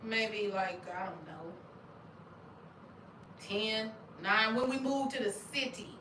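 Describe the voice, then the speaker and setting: A middle-aged woman from Arkansas, hosting a casual chat, animated and laughing often with loud exclamations. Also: medium pitch, slow pace, a little hiss or hum. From Arkansas, USA. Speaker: channel host. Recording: roomy sound, distant from mic.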